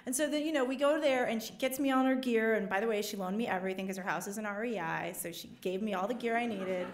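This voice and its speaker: A woman reporter telling a self-deprecating story on stage before a live audience, animated and acting out the quotes. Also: mid-range voice, quick pace.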